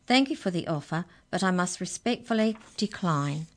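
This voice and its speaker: A woman's voice: fairly low pitch, animated, moderate pace, lightly acted. A woman voicing a small, knowing mouse in a cage, speaking politely and drily for a children's story. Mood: wry. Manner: polite, dry, matter-of-fact.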